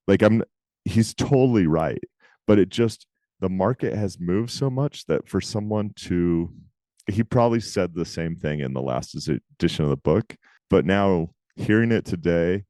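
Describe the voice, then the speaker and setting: Male co-host, deep voice, emphatic casual delivery, dry recording. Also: mellow, no room sound. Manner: talkative, emphatic, quick asides. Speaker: podcast co-host. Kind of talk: casual chat.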